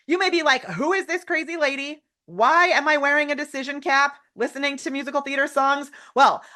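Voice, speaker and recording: A woman in her thirties leads a live online workshop over a video call, her voice sitting slightly high for a woman. She talks with theatrical, over-the-top enthusiasm, like a former stage performer. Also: fairly bright tone. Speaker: workshop presenter. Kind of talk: live webinar teaching.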